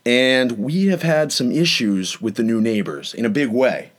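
A young adult man hosting a casual chat, retelling a neighbor dispute with animated, dramatic delivery. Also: unhurried. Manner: animated, dramatic retelling with rising pitch on quotes. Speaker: host.

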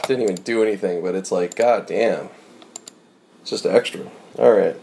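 A man's voice: deep voice, moderate pace, vocal fry, warm tone. A man chatting casually to his viewers in a rambling way, swearing now and then as he drives and runs errands. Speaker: vlogger. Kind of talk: casual chat while driving and running errands. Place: in a car and parking lot.

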